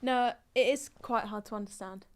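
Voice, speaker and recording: Easygoing young Englishwoman, higher voice. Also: normal speed. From England. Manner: easygoing, trails off softly at ends of phrases. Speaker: footballer guest. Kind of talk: casual chat.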